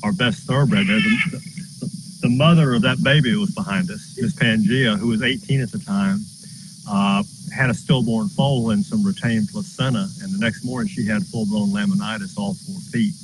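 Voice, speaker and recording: A man's voice: on the low side, normal speed, noisy background. A man who runs a horse farm, telling a story in an earnest, folksy way while outdoors. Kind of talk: casual storytelling.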